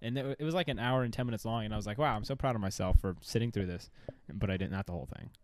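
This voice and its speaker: A man's voice: on the low side, very fast, slight background noise. A young man co-hosting a casual, joking chat, rambling with lots of fillers. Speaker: podcast co-host.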